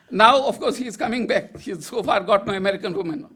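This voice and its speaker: A man's voice: sits high, fast, few pauses, fairly bright tone, husky. An older man from Goa, giving an emphatic political speech to an audience with wry asides. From Goa, India. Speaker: public speaker.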